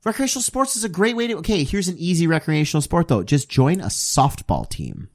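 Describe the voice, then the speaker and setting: A man's voice: fairly high pitch, a little fast. A young man from Canada hosting a podcast, telling casual stories with lots of swearing and acted-out quotes. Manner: animated, swears a lot, jumps into mock quotes. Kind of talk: casual chat, storytelling.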